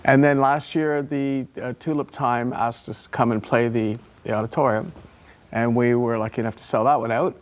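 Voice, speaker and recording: A man, a tribute performer, chatting as a guest in a live TV studio interview in a relaxed, friendly storytelling way. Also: medium pitch, moderate pace.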